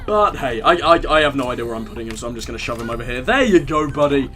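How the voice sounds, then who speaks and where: A man's voice: mid-range voice, very fast, bright, forceful tone, slight background noise. A young man casually commenting on his gameplay, joking irreverently and talking to the characters on screen. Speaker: let's play gamer.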